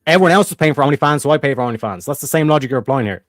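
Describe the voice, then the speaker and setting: A man's voice: on the high side, lively intonation, racing, dry recording. A man with an Irish accent in a heated live debate, combative and sarcastic, swearing as he argues.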